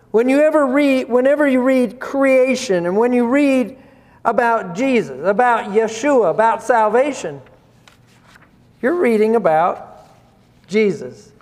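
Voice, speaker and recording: A man with a very high voice preaches slowly and deliberately. He poses rhetorical questions and chuckles between points, and his voice rings with a long reverb that hangs in a big hall. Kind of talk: sermon.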